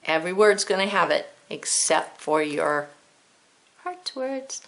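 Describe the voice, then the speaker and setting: A woman with a low, gravelly yet fairly bright voice teaches a children's spelling lesson at a moderate pace. She spells each word letter by letter and patiently thinks aloud step by step.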